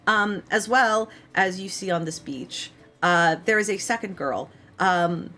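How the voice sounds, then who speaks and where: A woman's voice: medium pitch, a little slow, pushed and bright, faint music behind. A woman with a tired, strained voice, narrating a tabletop game as game master, rambling with many ums and likes.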